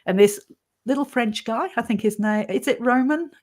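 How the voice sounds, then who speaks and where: A woman's voice: on the high side, normal speed, a little mellow. A woman hosting a paranormal channel's livestream, chatting casually, often laughing and telling stories with animation.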